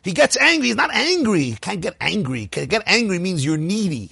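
A man teaching a lively Torah class, asking rhetorical questions and chuckling at his own points. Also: high-pitched, normal speed, creaky, slightly rough, dry recording.

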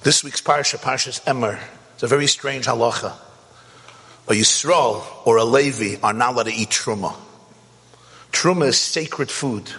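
A man teaching a Torah class, animated and rising to shouts to stress a point. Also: mid-range voice, moderate pace, creaky, long pauses, husky, big-room sound. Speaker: rabbi.

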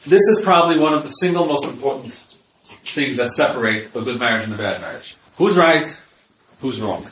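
A man's voice: mid-range voice, animated, brisk, a bit bright, slight background noise. A man who works as a marriage counselor gives an informal lecture with slides and repeats his key points. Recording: echoey room, voice from far off.

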